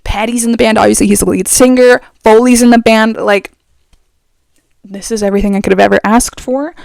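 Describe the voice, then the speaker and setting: A young adult trans man chatting casually as a vlogger, rambling and expressive, his voice going up and down, speaking very close to the mic. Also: high-pitched, a little fast, vocal fry, dry recording. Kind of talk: casual chat.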